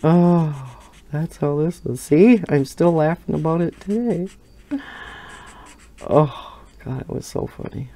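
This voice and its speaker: Middle-aged lady chatting while she colors, slow easygoing talk, keeps laughing. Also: deep voice, dark tone. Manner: chatty storytelling, laughs often. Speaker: coloring channel host. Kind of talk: casual chat while coloring.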